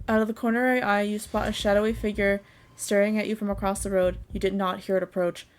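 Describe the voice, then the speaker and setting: A woman streaming a story game, reacting excitably with gasps and casual swearing as she plays. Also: mid-range voice, fairly quick, pauses often, slight background noise. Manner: excitable, gasping, swears freely. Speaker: gaming streamer. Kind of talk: let's-play commentary.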